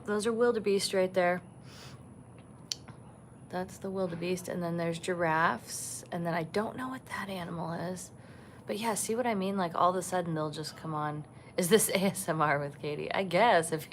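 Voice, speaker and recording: A woman hosting a casual livestream from a resort balcony, chatting softly and gushing over the animals she sees. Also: fairly low pitch, a little hiss or hum. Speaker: vlog host. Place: resort balcony overlooking savanna, outdoors.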